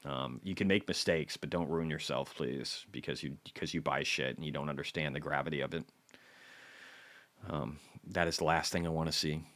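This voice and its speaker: A man with a very deep, low-pitched voice hosts a casual live trading stream. He is blunt and profane, drops to muttered asides and then bursts out loud. The sound is dry and close, with no room echo. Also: moderate pace. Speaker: stock market livestream host.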